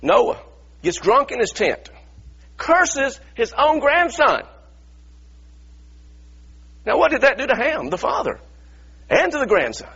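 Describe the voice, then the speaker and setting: A man's voice: extremely high pitch, big pitch swings, takes it slowly, gravelly, long pauses, pushed and bright, slightly rough, dull audio. A male preacher delivering an impassioned sermon, retelling stories and voicing pleading sons. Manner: impassioned, acts out biblical voices.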